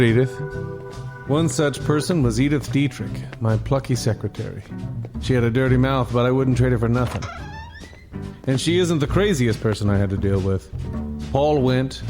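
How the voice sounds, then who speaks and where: A man's voice: medium pitch, moderate pace, music in the background, voice pushed down, natural voice. A man playing a hardboiled private eye. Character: old-fashioned male private eye, hardboiled narrator. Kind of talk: scripted noir narration.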